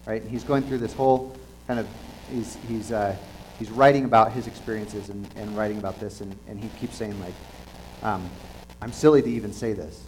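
A man preaching a conversational sermon in an earnest, halting way, often restarting his sentences. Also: lowish voice, fairly even intonation, slight background noise, poor audio.

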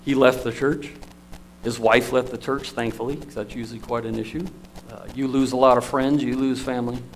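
A man's voice: medium pitch, fairly quick, slight background noise, poor audio. Man preaching an emotional sermon. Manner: storytelling, emotional, lively shifts in loudness.

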